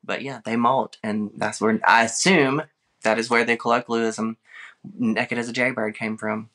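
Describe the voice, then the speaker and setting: A man's voice: mid-range voice, fairly even intonation, normal speed, sharp tone. A man, a podcast guest talking casually in rambling digressions and laughing often. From American South. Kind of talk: casual chat.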